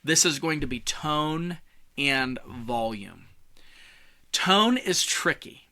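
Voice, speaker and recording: A man teaching a public speaking lesson in a casual, joking way. He shifts his volume and tone on purpose, from big and loud to soft and hushed. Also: a little high, expressive, slow. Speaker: communication coach.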